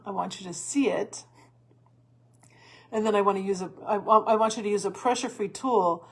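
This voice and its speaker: A woman host giving earnest coaching advice in a solo talk, with restarts and soft laughs. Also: mid-range voice, slightly rough. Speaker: stress coach and podcast host.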